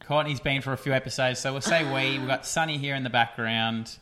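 A man's voice: medium pitch, fairly even intonation, fairly quick, sharp tone. A young man hosting a casual podcast, chatty and rambling with lots of fillers. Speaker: podcast host. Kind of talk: casual solo podcast chat.

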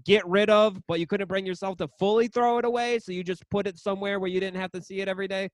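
A man's voice: sits high, fairly even intonation, quick pace, no room sound. A man in crude, casual chat, telling rambling anecdotes with stammers and crude jokes.

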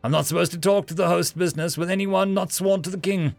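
A man's voice: high-pitched, steady tone, fast talker, vocal fry, dry recording, faint music behind, pitched above the performer's own voice. A man voicing a young, nervous, catlike alien sentry who stammers and fumbles his words. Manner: stammering, flustered.

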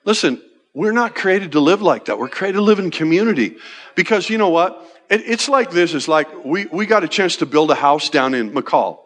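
An older man in his sixties with a notably high voice, preaching a sermon. He talks conversationally and keeps checking in with the congregation. His delivery is animated and playful. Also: moderate pace. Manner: conversational, repeats "right?" often. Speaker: pastor.

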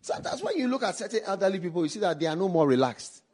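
A man preaching a sermon, repeating key phrases slowly for emphasis and swinging between hushed and loud passages. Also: high voice, big pitch swings.

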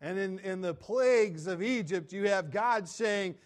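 A man preaching a sermon in a conversational way, asking questions and answering them himself, often trailing off quietly at the end of phrases. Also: high-pitched, measured pace. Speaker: pastor.

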